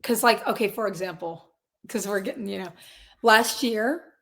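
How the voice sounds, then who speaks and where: A woman's voice: mid-range voice, moderate pace, fairly bright tone. A woman in her twenties, a guest in a casual interview, talking earnestly and rambling through restarts and quoted asides. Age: 20s. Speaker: guest, singer and real estate agent.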